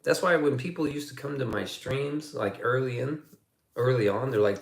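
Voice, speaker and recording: A man's voice: mid-range voice, moderate pace, vocal fry, reverberant. A man chatting casually on his livestream, swearing a lot and rambling through stories. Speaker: streamer.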